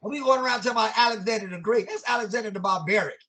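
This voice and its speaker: A man's voice: sits high, rapid-fire, sharp tone. Male educator guest; emphatic, sermon-like teaching delivery with lots of rhetorical questions and casual vernacular phrasing. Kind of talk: impassioned conversational teaching.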